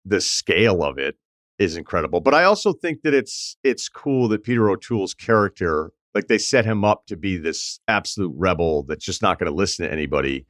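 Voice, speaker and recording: Male podcast host, low voice that moves around a lot, dry close mic. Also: lively intonation, brisk, a bit bright, no room sound. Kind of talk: casual conversation.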